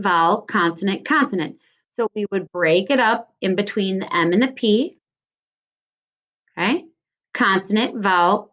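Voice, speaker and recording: A woman teaching a recorded phonics lesson to second graders, sounding out words slowly and encouraging the children as she goes. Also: mid-range voice, muffled recording.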